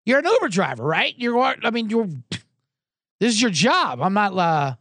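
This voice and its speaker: Guy ranting on his podcast, high voice, swoops around a lot, swears constantly, sarcastic. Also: sing-song, normal speed, a bit bright, dry recording. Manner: sarcastic, profane, storytelling with acted-out quotes. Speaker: podcast host. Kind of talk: comedic rant.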